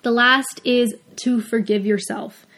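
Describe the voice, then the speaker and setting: A woman veterinarian hosting a heartfelt advice talk, earnest and encouraging. Her voice sits a little higher than most. She talks openly, with emotion close to the surface. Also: steady tone, takes it slowly, a bit bright. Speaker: host.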